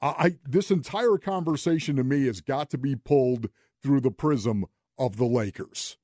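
A man's voice: medium pitch, normal speed, mellow, no room sound, studio quality. A man hosting sports talk radio, emphatic and full of rhetorical questions.

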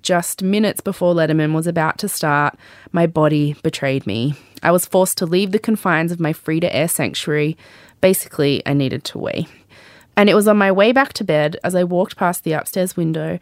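A woman's voice: lowish voice, no room sound, studio quality. Wry Australian woman reading her memoir. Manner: wry, candid narration with joking asides. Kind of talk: memoir read aloud.

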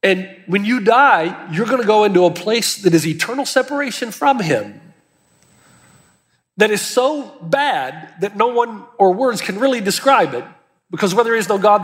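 A man's voice: high-pitched, a bit bright. A male pastor preaching an earnest, emphatic sermon, lifting his voice on key words. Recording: long hall reverb.

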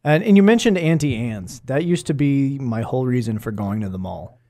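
A man's voice: medium pitch, lively intonation, normal speed, mellow. A man co-hosting a podcast in casual chat, laid-back and joking, with hesitant restarts. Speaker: podcast co-host.

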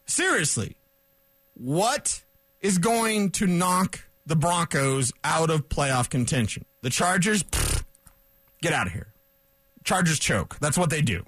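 A high-pitched male sports radio host ranting solo into a studio mic. He is fired up and loud, piling on tangents and sarcastic asides, and the sound is dry and close. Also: expressive, slow, husky, dry recording.

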